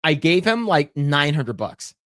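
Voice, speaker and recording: A man's voice: a little high, sing-song, a little slow, a bit bright, no room sound, studio quality. A man co-hosting a podcast, telling a rambling gaming story with lots of fillers and frequent laughter. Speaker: podcast co-host. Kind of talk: casual chat, storytelling.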